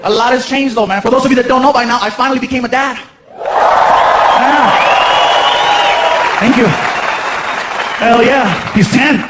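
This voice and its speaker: Animated man doing stand-up in a theater. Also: extremely high pitch, moderate pace, pauses often, heavy background noise. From United States. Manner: animated, laughing, playful. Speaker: stand-up comedian. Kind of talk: stand-up comedy. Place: large theater. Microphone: handheld stage mic. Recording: roomy theater with loud crowd. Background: loud laughing audience.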